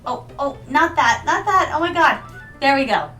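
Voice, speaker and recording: American woman streamer, high bright voice, rambling and playful. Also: lively intonation, normal speed, far from the mic, low-quality recording. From United States. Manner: playful, rambling, chatty with viewers. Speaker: VTuber streamer. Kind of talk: casual game stream chat. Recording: mic set back, music behind.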